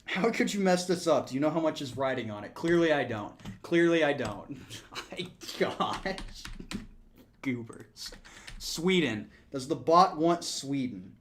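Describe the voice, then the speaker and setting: A man's voice: on the high side, lively intonation, measured pace. A man streaming a strategy game, joking with chat, laughing often and counting numbers aloud. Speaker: gaming streamer. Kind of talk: casual live-stream chat.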